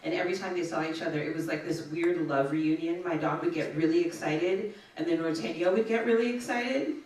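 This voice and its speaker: A woman's voice: deep voice, brisk, darkish tone. A woman stand-up comedian telling chatty stories and bantering with the audience, recorded on a comedy club stage. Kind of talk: stand-up set with crowd work. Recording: echoey club, distant mic, audience laughter.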